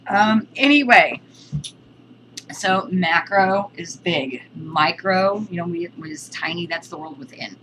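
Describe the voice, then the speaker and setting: Low-voiced woman teaching with many ums. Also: slow, background noise. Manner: hesitant, many ums and restarts; chatty, breaks off to scold her cat. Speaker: witchcraft teacher. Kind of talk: casual spoken lesson.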